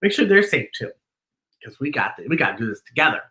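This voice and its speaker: A woman hosting a children's storytime show, reading a picture book aloud in an animated, sing-song way and talking to the kids at home. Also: a bass voice, quick pace, roomy sound.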